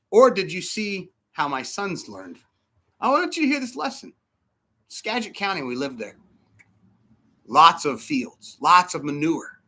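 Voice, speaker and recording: A middle-aged man preaching a sermon as a pastor, animated and acting out the voices of people in his stories. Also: a little high, moderate pace.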